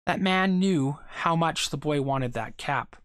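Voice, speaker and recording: The story's reader voicing a hurt, sullen young boy who mutters low, with little change from the reader's own voice, in a dry close recording. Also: takes it slowly, fairly bright tone, smooth, no echo.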